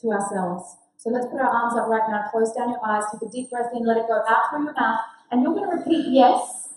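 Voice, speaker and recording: Woman coach in a very echoey room. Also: a little high. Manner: encouraging, energetic, laughing often; soft slow guiding voice. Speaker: spiritual coach. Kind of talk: guided group exercise and motivational talk. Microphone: own mic, muted at times.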